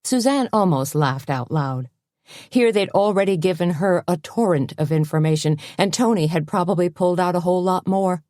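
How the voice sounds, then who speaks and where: Female audiobook narrator, low and mellow, even measured read, dry booth. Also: dry recording. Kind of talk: scripted narration.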